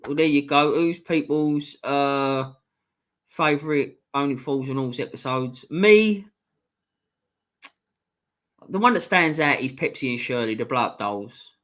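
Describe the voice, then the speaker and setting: A man's voice: mid-range voice, unhurried, pauses often, fairly bright tone. A man hosting a live stream, reading out viewer comments and bantering bluntly with lots of swearing.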